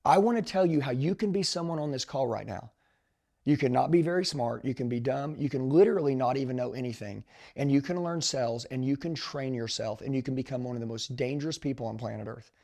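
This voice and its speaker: A man in his forties, a sales trainer, telling a story in an emphatic, animated, slangy way and calling his listeners dude. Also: mid-range voice, quick pace, creaky. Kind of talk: motivational storytelling.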